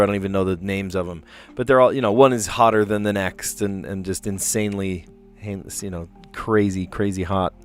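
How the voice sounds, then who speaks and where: Rambling American male puzzle streamer with a somewhat low voice over faint music. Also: smooth. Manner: rambling, chatty, tags "right?". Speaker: puzzle livestream host. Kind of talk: casual chat while solving puzzles.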